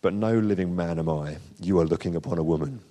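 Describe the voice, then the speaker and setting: A fierce young noblewoman warrior, read aloud by a man. The lines come slow and emphatic, pitched low. A long reverb trails off the room. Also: steady tone, a little mellow, slightly rough. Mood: defiant.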